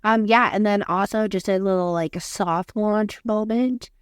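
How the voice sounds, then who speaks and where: A young woman co-hosting a podcast in casual chat, talking in a flat monotone, hoarse after losing her voice. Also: medium pitch, unhurried, no echo, clean studio sound. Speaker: podcast co-host.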